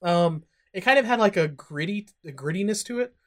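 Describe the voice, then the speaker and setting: A man's voice: high-pitched, animated, fairly quick. A man co-hosting a casual podcast chat, rambling, swearing freely and asking confused questions. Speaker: podcast co-host.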